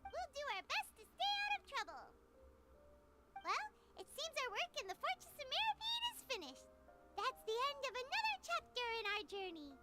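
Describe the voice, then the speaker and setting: A woman voicing a tiny, chirpy floating fairy companion girl in a video game, childlike and squeaky, who talks about herself by name. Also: wildly swooping pitch, normal speed, over loud music, exaggerated voice.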